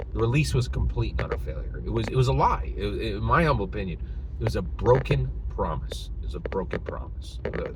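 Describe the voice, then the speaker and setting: A man's voice: fairly low pitch, a little hiss or hum, poor audio. A man reviewing games in an opinionated video rant, emphatic and repetitive, often tagging "right?" onto his points. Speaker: game reviewer.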